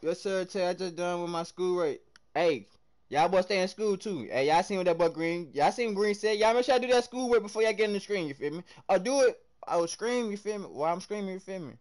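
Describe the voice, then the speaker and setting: Hyped young Southern streamer, high voice. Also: male voice, lively intonation, fairly quick. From American South. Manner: hyped slangy chatter, swings loud and soft. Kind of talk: live game stream chat.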